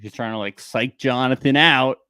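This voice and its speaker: A man's voice: mid-range voice, sharp tone, smooth, no room sound. Opinionated man co-hosting a dry podcast. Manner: opinionated, quick asides. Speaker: podcast co-host. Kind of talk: casual recap chat.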